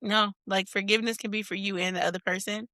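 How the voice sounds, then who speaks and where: Bright-toned woman podcast co-host. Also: medium pitch, fairly even intonation, fast talker, no echo, studio quality. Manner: candid, laughs often, acts out quoted exchanges. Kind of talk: casual chat.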